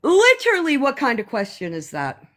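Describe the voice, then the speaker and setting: A woman on a live stream, ranting to her viewers in a heated, profane, sarcastic way, often slowing down to stress her words. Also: sits high, wildly swooping pitch, a bit bright. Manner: slow emphatic pauses.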